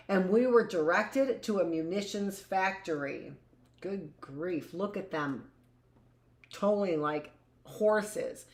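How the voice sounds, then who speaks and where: Woman teacher reading history aloud. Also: fairly low pitch. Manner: reads passages aloud, then adds conversational asides with "right?". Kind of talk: reading aloud and commenting in a live class.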